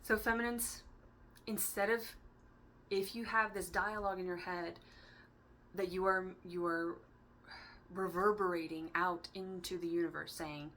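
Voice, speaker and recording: A woman's voice: fairly low pitch, normal speed, fairly bright tone, slight background noise. A woman doing a casual tarot reading for her channel, chatty and playful, laughing often as she rambles from one idea to the next. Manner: rambling, free-associating. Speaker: tarot reader.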